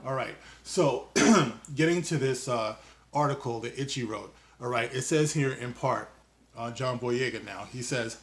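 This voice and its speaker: A man hosting his own video commentary channel, talking in a loose, mocking way with quick asides and jokes. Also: mid-range voice. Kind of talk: casual opinion monologue.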